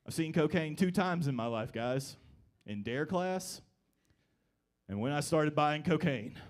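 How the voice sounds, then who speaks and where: A young man works through a stand-up set at a live comedy club. His delivery is wry and deadpan, and his voice sits a bit high for a man.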